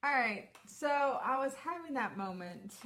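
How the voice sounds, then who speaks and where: A woman's voice: on the high side, expressive, normal speed, pushed and bright, slight background noise. Sex: woman. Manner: rambling, laughing storyteller. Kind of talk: casual chat.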